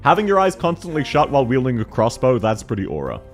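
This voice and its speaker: Animated, joking Australian man. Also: mid-range voice, fast talker, soft background music. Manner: joking, laughing often, crude banter. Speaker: game streamer. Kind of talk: casual livestream chat.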